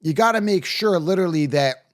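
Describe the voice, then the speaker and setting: A man's voice: high-pitched, expressive, fairly quick. A man hosting a fantasy football show, giving blunt, opinionated sports commentary to camera and often tagging lines with "okay?" or "right?".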